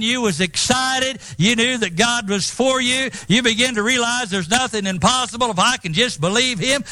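A man's voice: very high voice, bright, forceful tone, no echo. A middle-aged man preaching a sermon, emphatic and quoting scripture with rising intensity.

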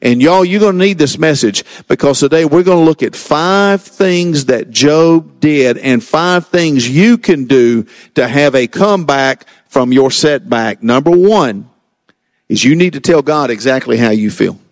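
A man preaching a sermon as a pastor, swinging between slow dramatic lines and quick asides. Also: a little high, expressive, no room sound, clean studio sound.

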